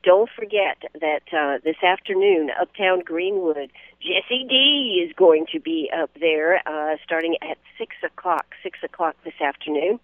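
A man hosting a live radio remote from a golf tournament, talking in a fairly high voice for a man. He is chatty and promotional and leans on filler words. The sound is tinny and phone-like, very dry, with no room sound. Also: measured pace, no echo. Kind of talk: live on-site radio chat. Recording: tinny phone-line audio.

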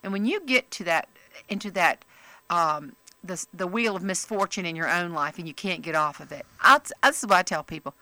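A middle-aged woman comedian, telling stories in a lively interview and jumping into high voices when she quotes people. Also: a little fast, dry recording. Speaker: comedian and author, interview guest. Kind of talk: casual interview chat.

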